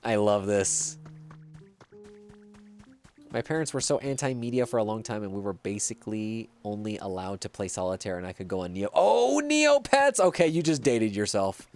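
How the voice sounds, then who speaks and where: A man's voice: on the low side, moderate pace, a little mellow, faint music behind. A man streaming a video game, chatting casually and reacting to viewer messages. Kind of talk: casual gameplay livestream chat.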